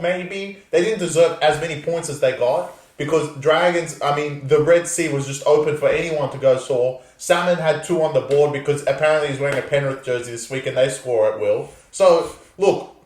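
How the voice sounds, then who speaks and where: A man co-hosting a sports podcast, ranting with heavy sarcasm and swearing. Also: on the high side. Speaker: podcast co-host. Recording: roomy echo, set back from the mic.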